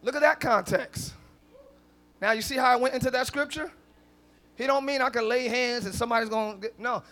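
A man preaching a sermon as pastor at a live church service, swinging from soft conversational asides to loud shouted declarations with call-and-response. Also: very high voice, brisk. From northern United States.

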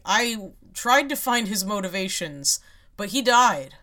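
A woman's voice: medium pitch, lively intonation, a little slow, sharp tone. A woman hosts a casual podcast chat. She explains her topic in a wry, rambling way, with frequent laughs. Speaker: podcast host.

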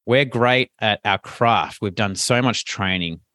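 A man, a coach talking casually as a podcast guest, animated and chatty with plenty of fillers. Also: lowish voice, unhurried, dry recording, clean studio sound. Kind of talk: casual interview chat.

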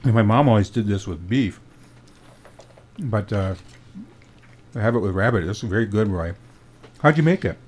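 A man's voice: lowish voice, animated, normal speed, long pauses, a little mellow. A man hosting a radio show, chatting easily with a guest and asking short questions. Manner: easygoing, asks short questions, laughs often. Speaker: radio host. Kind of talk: casual radio chat.

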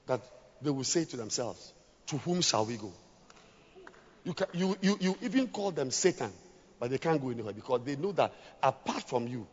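High, lively preacher man in echoing hall. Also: slightly rough. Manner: swings from hushed scripture reading to shouted exhortation. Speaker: pastor. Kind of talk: sermon. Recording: lo-fi with long hall reverb.

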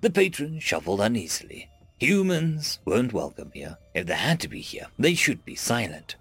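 A man reading short science-fiction stories aloud in an expressive narration. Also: medium pitch, moderate pace, husky, no echo, faint music behind. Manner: expressive reading with shifting tones. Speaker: story reader. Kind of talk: scripted narration.

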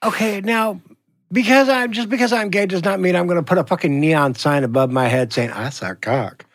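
A man's voice: high-pitched, normal speed, no echo, studio quality. A man chatting crudely and bluntly as a guest on a comedy show, boasting and cursing freely.

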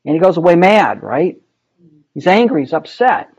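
In a muffled recording, a man leads an informal Bible study, discussing the text conversationally and putting questions to the group with many ums and rights. His voice is a little high and darkish in tone, slightly rough with vocal fry, and swings widely in pitch at a normal speed.

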